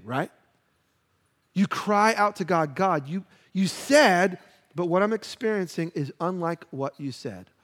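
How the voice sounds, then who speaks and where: A man with a high, light voice preaches a sermon in a church sanctuary. He speaks earnestly and lifts into fervent pleas as he reads scripture. His words carry a long hall reverb. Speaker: pastor.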